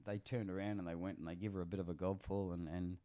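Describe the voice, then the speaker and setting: A man's voice: sits low, flat delivery, fast, warm tone. A man, a podcast guest, telling a story in casual chat, blunt and swearing freely, with many restarts.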